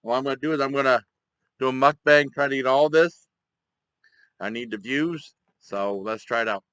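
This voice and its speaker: A man talking casually to his viewers in a rambling, halting way with many fillers while eating. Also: mid-range voice, a bit bright, clear, resonant tone, dry recording, poor audio. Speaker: mukbang vlogger.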